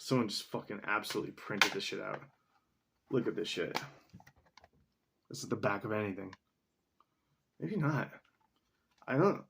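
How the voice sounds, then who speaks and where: A man's voice: fairly low pitch, animated, moderate pace, vocal fry, pauses often, a bit bright, a little hiss or hum. A man talking casually to himself in a solo vlog, rambling as he reads definitions aloud and swears now and then. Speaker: vlogger.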